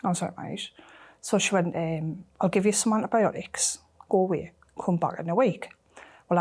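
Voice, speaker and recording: A middle-aged woman, telling a personal story in an emotional, halting way that often drops to a near whisper. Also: medium pitch, darkish tone, husky. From North East England. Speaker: interviewee.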